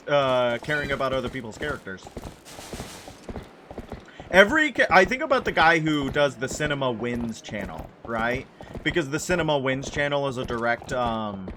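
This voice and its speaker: This game streamer has a mid-range voice, with background noise in the recording. He rambles casually with viewers during play, correcting himself and reassuring them, and game music plays under his speech.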